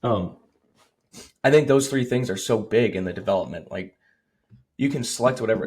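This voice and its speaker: A man who coaches strength, co-hosting a podcast in a relaxed, rambling way, with lots of "like" and "you know". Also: fairly low pitch, moderate pace, a little hiss or hum. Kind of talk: casual podcast chat.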